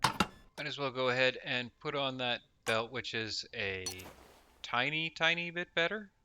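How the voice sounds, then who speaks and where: A man with a medium-pitched, unhurried voice talks over background noise. Hosting a let's play, he chats casually as he plays and reads the game's text aloud. It's relaxed gameplay commentary, mostly chatter directed at himself.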